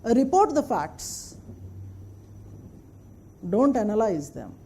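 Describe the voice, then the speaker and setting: A woman's voice: on the high side, very animated, slow, warm tone, husky. A woman giving a classroom lecture, emphatic, repeating points and checking that her students follow. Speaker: anthropology lecturer.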